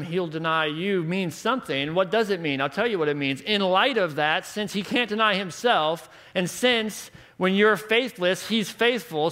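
A high-voiced man in his thirties gives a sermon at a conference, leaning on rhetorical questions. At times he speaks in a hush, at others with strong emphasis.

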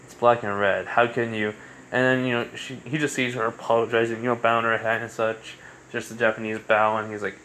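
Young male storyteller, rambling and filler-heavy, bright voice over faint background hiss. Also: medium pitch, flat delivery, fairly quick. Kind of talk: casual fan-fiction storytelling.

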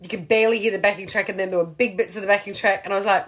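A woman's voice: medium pitch, fast talker, hardly any pauses, a bit bright. A middle-aged woman chatting casually to camera, self-mocking and laughing often. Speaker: vlogger. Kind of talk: casual daily video chat.

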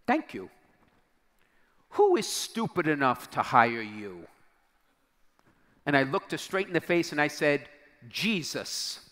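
A middle-aged bishop tells a story from the pulpit at an unhurried pace, lingering on pauses and sinking to near-whispers for effect. His voice sits a little high for a man. It rings out with a long reverb through a large hall. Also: huge pitch swings, a bit bright. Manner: dramatic storyteller, acts out quoted dialogue, drops to near-whisper at key moments. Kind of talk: storytelling sermon to a youth crowd.

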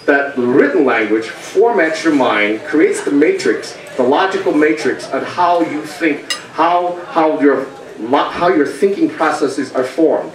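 An older American man giving a talk to a meeting. He tells stories, acts out quoted voices and pauses often. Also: fairly high pitch, a bit bright. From United States. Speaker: speaker presenting a talk. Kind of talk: lecture to a meeting. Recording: echoey room, from far off.

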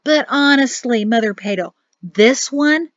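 A woman's voice: on the high side, expressive, unhurried, dry recording. A woman voicing an exasperated male army major who grumbles and sputters. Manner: grumbling, weary and flustered. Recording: dry, slightly muffled audio.

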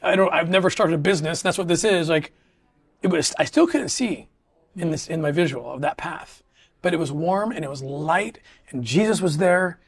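A man's voice: on the high side, animated, gravelly, husky. A middle-aged man talking earnestly in a casual interview, often restarting his sentences. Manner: earnest, halting, with many restarts. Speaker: interview guest. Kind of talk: casual conversation.

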